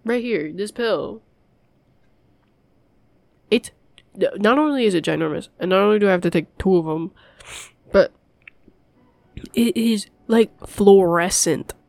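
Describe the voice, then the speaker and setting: A woman's voice: medium pitch, measured pace, gravelly, long pauses, darkish tone, no room sound. A young woman in a casual girlfriend role-play, rambling to her partner with frequent laughs and swearing.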